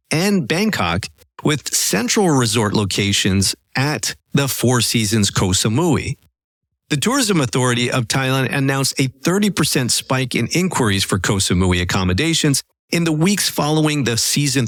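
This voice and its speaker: A man hosting a travel podcast in a playful, animated scripted style. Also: mid-range voice, dry recording, clean studio sound. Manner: playful, animated, pop-culture banter. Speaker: podcast host. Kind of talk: upbeat scripted podcast talk.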